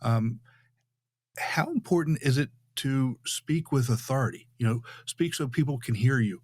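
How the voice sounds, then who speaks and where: A man hosting a podcast interview about public speaking, talking in a relaxed, conversational way. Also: medium pitch, normal speed, husky, no room sound, studio quality. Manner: conversational, with frequent restarts.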